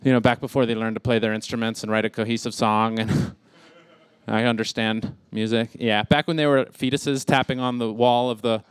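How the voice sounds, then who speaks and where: A man's voice: mid-range voice, level tone, normal speed, clear, resonant tone, no room sound. A man in his thirties doing a rambling stand-up set, laughing at his own jokes. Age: 30s. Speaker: stand-up comic.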